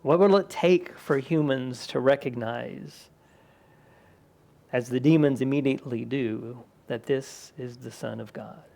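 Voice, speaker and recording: In a church sanctuary, a pastor delivers a conversational sermon, raising his voice whenever he quotes people from the scripture. His voice is mid-range and a little slow, with a creaky, dark tone.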